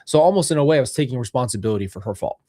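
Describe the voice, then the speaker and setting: A man's voice: mid-range voice, expressive, racing, mellow, no room sound, clean studio sound. Earnest young man musing on faith. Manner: earnest, rambling, self-correcting. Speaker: podcast host. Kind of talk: reflective faith talk. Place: seated indoors.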